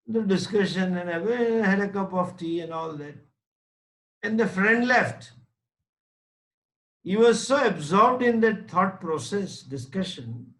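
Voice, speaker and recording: A man teaching a spiritual lecture makes his points emphatically and illustrates them with a story, speaking in a deliberate, anecdotal way. His voice is high and a bit bright, and the audio is poor.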